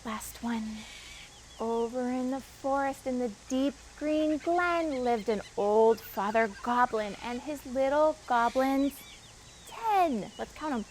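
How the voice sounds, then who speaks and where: A woman, a children's librarian, reading a picture book aloud at storytime with expressive voices and asides to the children. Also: high voice, slow, slight background noise, poor audio.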